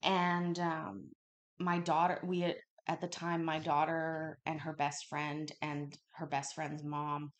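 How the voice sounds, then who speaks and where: A woman hosting a livestream from her kitchen, telling a story in a casual, animated way and swearing freely. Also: sits low, slow pace. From Canada. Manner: animated, swears freely, acts out quotes loudly. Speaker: livestream host. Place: home kitchen. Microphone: home livestream mic.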